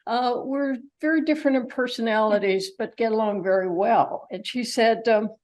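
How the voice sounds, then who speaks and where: A woman's voice: fairly high pitch, normal speed, a little mellow, low-quality recording. An older woman presenting a travelogue to a group in a chatty, rambling way, with many fillers and asides. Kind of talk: informal slide presentation to a group.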